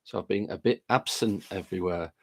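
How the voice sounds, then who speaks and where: A man's voice: deep voice, brisk, vocal fry. A man hosting a live stream, chatting casually and greeting viewers by name while reading their comments aloud, with a lingering chest cold.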